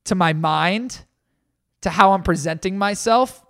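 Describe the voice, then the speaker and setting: A man's voice: sits high, unhurried, a bit bright, dry recording, clean studio sound. A man co-hosting a podcast, talking in an earnest, emphatic way and repeating phrases for stress. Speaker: podcast co-host. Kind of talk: casual podcast talk.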